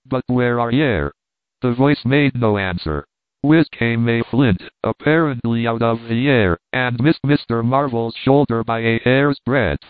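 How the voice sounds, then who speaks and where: A man narrates a classic novel in a measured, plain reading voice of middling pitch. The recording is dead dry, with no room around it, and squeezed thin like a phone line. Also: clean tone, no echo. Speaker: audiobook reader. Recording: tinny, dry phone-like sound.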